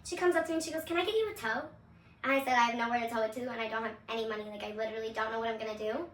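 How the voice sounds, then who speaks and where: A woman's voice: fairly high pitch, fairly even intonation, rapid-fire, far from the mic. A young woman from Seattle telling her personal testimony, candid and casual, swearing freely and laughing often. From Seattle, USA. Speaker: vlogger. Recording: echoey room, voice away from the mic.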